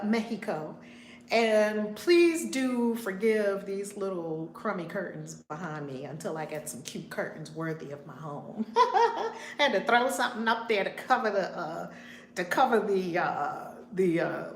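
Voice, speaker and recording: Animated woman hosting a live storytime. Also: medium pitch, slight background noise. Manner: animated, greets viewers by name mid-story. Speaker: reverend and channel host. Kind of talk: casual live-stream storytime. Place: room in her home. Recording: roomy home room with faint ambience.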